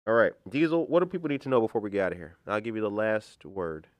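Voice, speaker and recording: A man, hosting a daily local news podcast in a friendly, relaxed chat. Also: on the low side, quick pace, no room sound. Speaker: podcast host. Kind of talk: casual chat.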